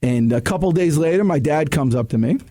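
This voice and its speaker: A middle-aged man speaks with a high voice in a casual radio studio chat. He gives sales advice in energetic, emphatic bursts, often restarting his sentences as he tells stories. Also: fairly quick. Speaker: sales coach guest.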